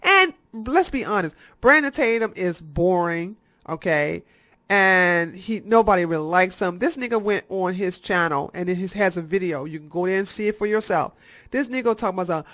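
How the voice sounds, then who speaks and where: A YouTube commentator giving satirical, ranting commentary, profane and sarcastic, firing off fast bursts of talk. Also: medium pitch, lively intonation, fairly bright tone, dry recording.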